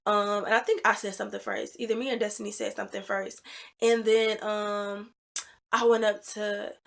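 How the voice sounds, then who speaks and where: A young woman vlogger telling a personal story in a casual, animated and emphatic way. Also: mid-range voice, moderate pace, gravelly. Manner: animated, emphatic storytelling with loud reenacted quotes. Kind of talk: storytime vlog.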